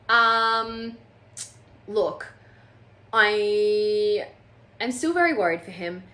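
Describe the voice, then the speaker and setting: Slow-talking exasperated woman book reviewer. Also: on the high side, animated, bright, forceful tone. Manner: exasperated, sarcastic, mocks characters in quotes. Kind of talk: casual video review.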